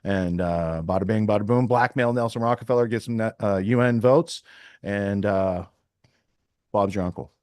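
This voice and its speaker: A man's voice: fairly low pitch, normal speed, a little mellow, dry recording, clean studio sound. A man hosting a podcast in casual talk, rambling and thinking aloud as he clicks through sources. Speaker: podcast host.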